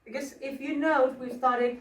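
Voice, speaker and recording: A woman drama teacher leading a workshop, coaxing her group along with questions in an animated teaching manner. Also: high voice, moderate pace. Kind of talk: interactive teaching. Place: school hall. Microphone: room mic at a distance. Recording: echoey hall from far off.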